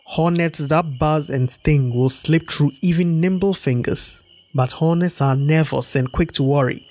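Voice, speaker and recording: A man plays a calm, wise wife in a storybook read-aloud. The voice is even and advising, a touch high. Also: measured pace, a little hiss or hum, close to an everyday voice.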